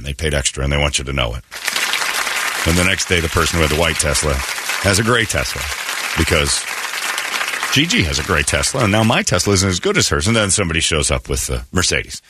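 A man's voice: very deep voice, sharp tone, slightly rough. A man hosting a radio morning show, ranting sarcastically in a talk radio monologue.

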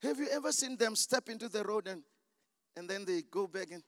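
High-voiced shouting preacher. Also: male voice, expressive, brisk, dry recording, in a large hall. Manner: emphatic, shouting, call-and-response. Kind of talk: sermon. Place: church.

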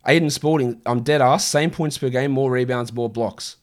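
Blunt, swearing fantasy basketball streamer. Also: male voice, medium pitch, normal speed. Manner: blunt, swearing, exasperated rants. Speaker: fantasy basketball streamer answering viewer questions. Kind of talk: casual livestream Q&A.

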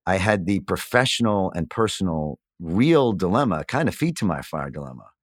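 A middle-aged man with a low voice speaks in a candid, conversational interview. He is reflective and searches for his words, with plenty of fillers and restarts. The sound is dry and close, with no room around it. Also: very animated, moderate pace, dry recording. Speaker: guest.

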